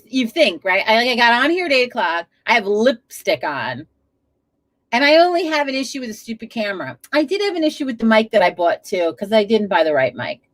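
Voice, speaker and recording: A woman's voice: fairly high pitch, fairly bright tone. A woman hosting a casual live stream from home, chatty, laughing often and swearing freely. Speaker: livestream host. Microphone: webcam setup at a desk.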